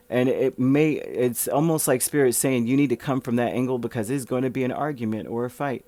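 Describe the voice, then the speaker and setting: A man's voice: mid-range voice, brisk, hardly any pauses, mellow. A man talks his way through a tarot reading in a loose, rambling monologue. His voice sits in a middle register for a man, and he keeps circling back with fillers and restarts as he explains the cards. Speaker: tarot reader.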